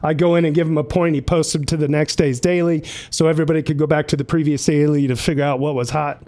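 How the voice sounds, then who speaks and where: A man's voice: fairly high pitch, fairly even intonation, fast talker, warm tone. A man hosting a casual livestream, upbeat and chatty, running through announcements and names. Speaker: livestream host.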